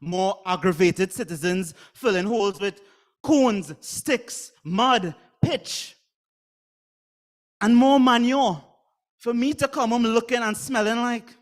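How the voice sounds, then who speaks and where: A man's voice: very high voice, slow pace. A man with a Trinidadian accent performing a comic spoken word poem in a theatrical way. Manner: comic, theatrical delivery with mock voices. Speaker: slam poet.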